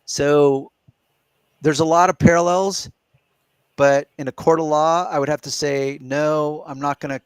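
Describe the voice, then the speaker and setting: A man's voice: on the high side, fairly even intonation, unhurried, pauses often, clear, resonant tone, dry recording. Man explaining at length, dry sound. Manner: explains step by step, reasoning aloud. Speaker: podcast host. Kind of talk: casual live Q&A chat.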